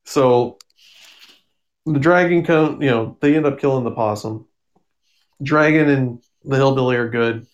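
A man's voice: mid-range voice, a little slow, long pauses, dull audio. Casting: easygoing guy chatting about comics, mid-range voice, loose and rambling. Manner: rambling, with frequent ums and self-corrections. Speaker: comic book reviewer. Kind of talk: casual spoken review.

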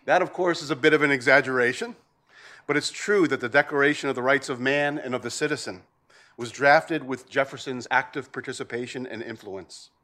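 A man, the president of a policy institute, opening an event with a measured, ceremonious prepared welcome speech. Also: mid-range voice, bright, forceful tone.

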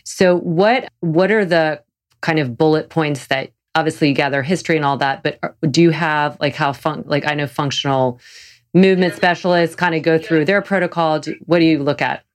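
A woman with a notably low voice hosts a casual interview as a physical therapist. She is chatty and enthusiastic, quick to agree before she asks her next question. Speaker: physical therapist and podcast host.

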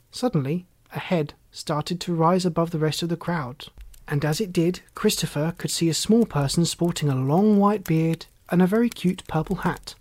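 A storybook narrator reading a children's tale aloud at an easy, gentle pace. The voice sits in a middle register, neither notably high nor low, and the delivery stays calm and measured. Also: no room sound.

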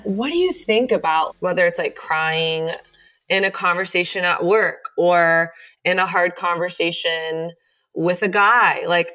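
A woman's voice: lowish voice, a bit bright. A woman hosting an interview, talking candidly and chattily and laughing easily. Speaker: podcast host. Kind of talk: casual interview chat.

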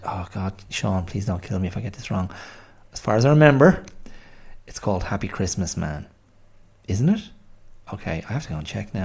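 A man's voice: fairly low pitch, darkish tone. A man in his forties, hosting a podcast in a rambling, self-deprecating, chatty monologue. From Ireland. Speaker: podcast host. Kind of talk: casual monologue.

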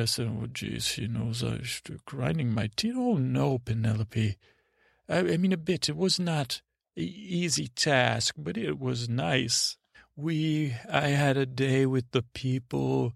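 A man host telling a meandering bedtime story, halting and full of restarts. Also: mid-range voice, gravelly, no echo, clean studio sound. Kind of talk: rambling bedtime story narration.

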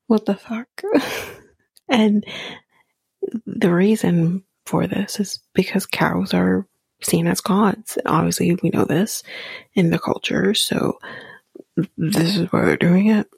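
A woman hosting a podcast, recapping a reality show in blunt, profane, animated casual chat, often half-whispering. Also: lowish voice, slow, creaky, long pauses, slightly rough, no room sound, studio quality.

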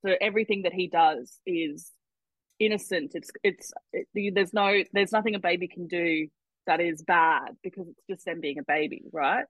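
A young woman talks as a podcast guest in a bright, slightly husky voice. She is animated and swears freely in casual, joking chat. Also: fairly low pitch, normal speed, dry recording, rough recording.

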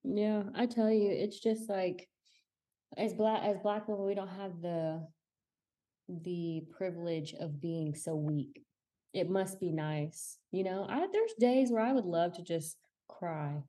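A woman's voice: on the low side, takes it slowly, warm tone. A woman co-hosting a podcast, trading blunt, dry, profane remarks in casual chat. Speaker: podcast co-host.

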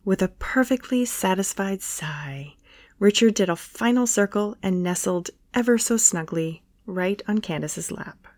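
A woman narrates a light romance story in a soft, playful voice at a middle pitch. The sound is close and dry, with no room around her. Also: measured pace, dry recording.

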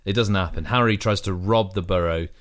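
A man's voice: low-pitched, a little fast. A man in casual comedy podcast banter, delivering dry, wry one-liners.

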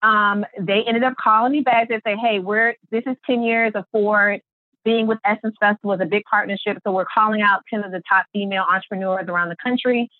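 Woman, mid-pitch, lively storyteller who voices every quote; dry, phone-narrow recording. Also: fairly quick, no room sound. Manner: lively, acts out quotes with big pitch jumps, many fillers. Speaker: artist and business founder, interview guest. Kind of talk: animated storytelling in an interview.

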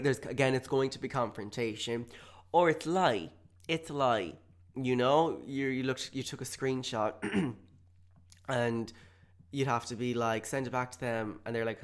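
Animated young man telling stories. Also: medium pitch, measured pace. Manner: animated storytelling with sudden loud mock-quotes. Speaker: podcast host. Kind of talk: casual comedic monologue.

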